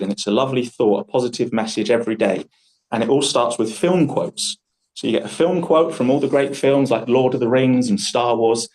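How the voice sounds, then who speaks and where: A man's voice: mid-range voice, rough recording. A young man from Scotland leading a live public speaking workshop, talking animatedly and acting out voices in his stories. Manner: animated, acts out voices in anecdotes.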